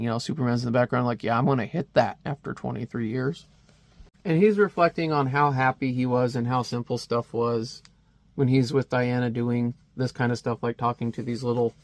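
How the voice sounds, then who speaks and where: Man, comic reviewer, casual, rambling, chuckles, mid-pitched, dry room. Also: fairly even intonation, normal speed, no room sound.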